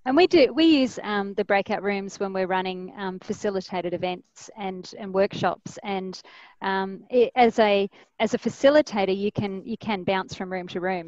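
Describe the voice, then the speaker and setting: A woman's voice: medium pitch, darkish tone, dry recording, dull audio. A woman with an Australian accent chatting enthusiastically on an online panel, full of fillers. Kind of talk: casual video-call panel chat. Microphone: video call.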